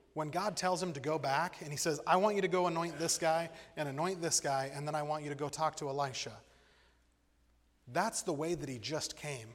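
Guy preaching a sermon, kinda high voice, lively, long echo from the hall. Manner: animated, acts out voices in stories. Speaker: pastor.

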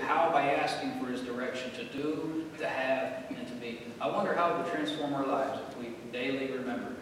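A pastor preaching a sermon, speaking with bursts of forceful, emphatic repetition. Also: male voice. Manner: preaching with swelling emphatic outbursts. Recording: echoey hall, distant mic, faint rumble.

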